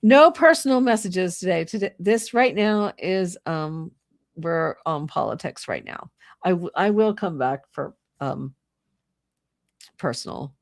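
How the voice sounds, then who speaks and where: A middle-aged woman with a low, creaky voice and lively intonation speaks slowly while hosting a livestream from home, a fire going nearby. She rants casually and with exasperation about politics, laughing often and mocking people in put-on voices. The recording is studio quality with no room sound.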